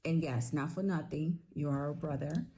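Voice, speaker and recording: A middle-aged woman with a low voice talks straight to the camera in a casual video message. Her tone is warm and mellow, and she tells her story in a chatty, animated, teasing way. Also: normal speed, slight background noise, poor audio. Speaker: retired sailor, friend giving a video tribute.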